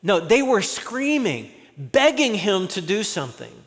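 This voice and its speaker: High-voiced man preaching in a hall. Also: very animated, a little slow, fairly bright tone. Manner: conversational, acts out quoted voices. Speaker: pastor. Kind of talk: sermon.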